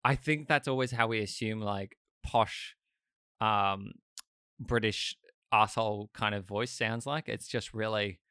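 A man from Australia with an Australian accent, chatting casually in a blunt, animated way. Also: on the low side, a little slow, smooth, no echo, clean studio sound. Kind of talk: casual chat.

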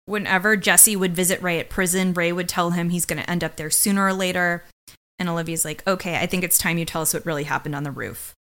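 A woman with a slightly low voice co-hosts a podcast, retelling scenes and acting out the characters' lines. She is blunt and opinionated in a casual, chatty way. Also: steady tone, fast, a bit bright. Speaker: podcast co-host. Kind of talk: casual recap chat.

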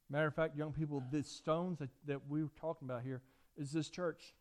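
A middle-aged preacher with a notably high voice. He tells folksy, animated stories from the pulpit, circling back to repeat his points. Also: moderate pace. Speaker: pastor. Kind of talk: sermon.

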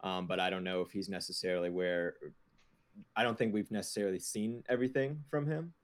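Low-voiced hesitant man. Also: steady tone, fairly quick. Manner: hesitant, many "um" and "I mean". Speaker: podcast panelist. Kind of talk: casual sports chat.

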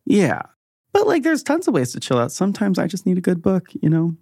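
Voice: medium pitch, huge pitch swings, a little fast, mellow, breathy edge, no echo, studio quality, voice pushed up, exaggerated voice. A performer playing a breezy cult leader. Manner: breezy, laid-back and noncommittal, with laughs. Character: cheerful male cult leader, easygoing and evasive.

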